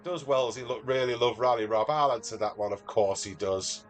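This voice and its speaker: A man's voice: medium pitch, fairly quick, slight background noise. Chatty Mancunian man live-streaming. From Manchester, England. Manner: chatty, matey, reads out viewers' messages. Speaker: livestreamer. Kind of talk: casual live-stream chat.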